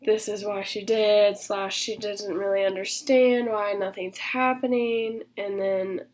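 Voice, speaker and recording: A woman's voice: mid-range voice, flat delivery, a little slow, a little mellow. Earnest young woman reflecting aloud. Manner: earnest, thoughtful, talks in loose starts with many fillers. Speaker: athletic training student. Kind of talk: casual reflective monologue.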